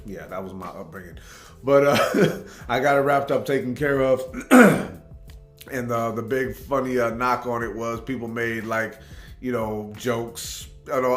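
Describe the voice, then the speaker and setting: A man from Tacoma, Washington, hosting a reaction video, telling rambling, laid-back stories and saying "man" a lot. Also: medium pitch. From Tacoma, Washington, USA. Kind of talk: casual storytelling commentary. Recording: roomy echo with faint background music.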